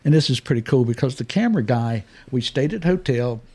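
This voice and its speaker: An older man, a guest telling fishing stories in a casual studio chat, acting out voices with big jumps. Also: fast. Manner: animated storyteller, acts out quoted voices with big pitch jumps.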